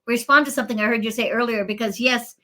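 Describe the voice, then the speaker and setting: A woman's voice: a little high, fairly even intonation, fast, sharp tone. A woman guest adding brief agreeable remarks in an interview.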